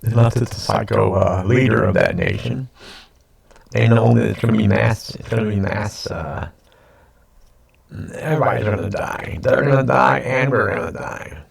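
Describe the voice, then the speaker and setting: A man's voice: lowish voice, normal speed, vocal fry, breathy edge. An older man with stuffy sinuses, rambling casually and repeating himself while talking to his computer camera at home. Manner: meandering, repeats himself, self-deprecating asides. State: sniffly, congested sinuses. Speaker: vlogger. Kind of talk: rambling late-night chat to camera. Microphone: computer webcam mic.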